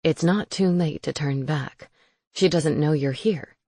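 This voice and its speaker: A woman narrator voicing a wry male owl familiar in a lowered, dry tone. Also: unhurried, dark tone, no echo. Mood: wary. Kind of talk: audiobook character voice.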